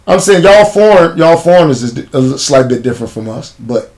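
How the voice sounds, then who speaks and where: Man, Chicago accent, interview guest, blunt, street slang, animated storytelling. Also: a little high, moderate pace. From United States.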